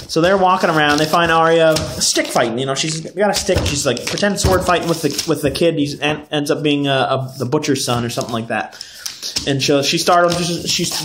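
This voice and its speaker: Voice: medium pitch, moderate pace, noisy background. A podcast host recapping a TV episode in a rambling, profane way, often drifting off into tangents and talking straight to the camera.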